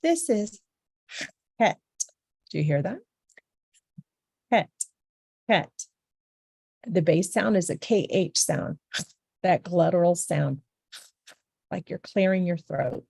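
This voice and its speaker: A woman's voice: fairly low pitch, expressive, takes it slowly, vocal fry, pauses often, mellow, breathy edge, no echo, studio quality. A woman teaching a beginner language lesson, patiently saying each letter sound several times over.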